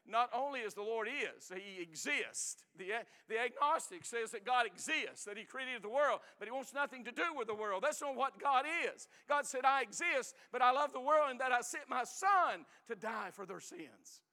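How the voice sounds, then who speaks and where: A man preaching a sermon as pastor, emphatic, with rising bursts and slowed, stressed phrases. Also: very high-pitched, expressive, sharp tone, in a large hall.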